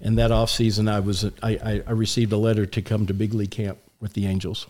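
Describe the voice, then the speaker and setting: A man in his sixties telling anecdotes as a guest on a radio talk show, relaxed and full of restarts. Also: lowish voice, quick pace. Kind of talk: storytelling in a radio interview.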